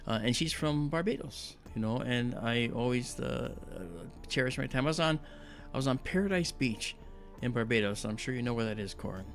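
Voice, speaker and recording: Soft music plays behind a man with a medium-pitched, creaky voice who talks fairly quickly. He's running a live astronomy stream, chatting in a rambling, amiable manner full of fillers and saying hello to viewers by name.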